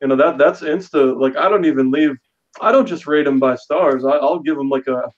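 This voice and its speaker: A man talking in a casual podcast chat, swearing often and telling stories quickly. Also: on the high side. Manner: profane, rapid storytelling. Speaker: podcast regular. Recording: slightly dull lo-fi audio.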